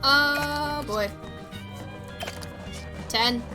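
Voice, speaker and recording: High, bright-voiced woman streamer. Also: very animated, slow, pauses often, soft background music. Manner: emotive, groaning and cheering at the game. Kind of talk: live gameplay commentary.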